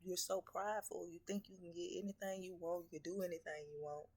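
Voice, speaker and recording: A woman with a low, gravelly voice preaches a blunt spiritual message straight at her viewers. She scolds and curses, firing rhetorical questions one after another. A confrontational, no-nonsense reader. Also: flat delivery, brisk, darkish tone.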